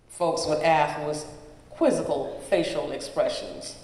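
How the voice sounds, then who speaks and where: A storyteller giving a live reading of a personal memoir in a slow, measured way, pausing between phrases. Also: medium pitch, lively intonation. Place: event hall at a live gathering. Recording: roomy hall with long reverb.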